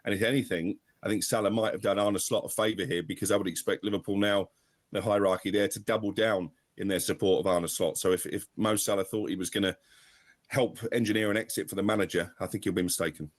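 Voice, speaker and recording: A man giving a sports correspondent's analysis on the radio, quick and assured. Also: lowish voice, fairly even intonation, no echo.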